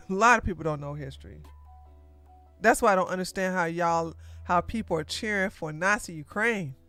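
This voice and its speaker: A woman hosting a live-streamed political podcast, talking in an excitable, theatrical way and laughing often. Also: on the low side, normal speed, no echo, faint music behind. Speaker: podcast host.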